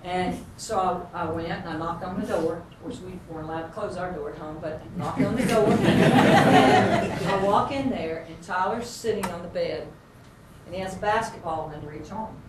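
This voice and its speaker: A woman's voice: on the low side, moderate pace. Woman speaker with a drawl, echoing in a hall. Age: 50s. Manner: folksy, earnest storyteller. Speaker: basketball coach giving a speech. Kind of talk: motivational storytelling speech. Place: large hall with an audience. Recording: echoey hall, far-off mic, noisy.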